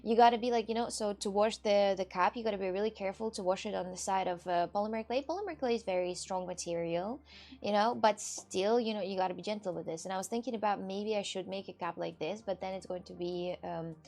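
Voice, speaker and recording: A woman's voice: medium pitch, quick pace, darkish tone. A woman from Russia with a Russian accent, rambling chattily in loose non-native English on a casual livestream with viewers. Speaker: streamer.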